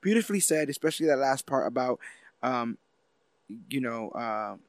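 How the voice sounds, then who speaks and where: A man co-hosting a podcast, talking in a relaxed, thoughtful way. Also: medium pitch, moderate pace, no room sound. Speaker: podcast co-host. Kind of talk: casual chat.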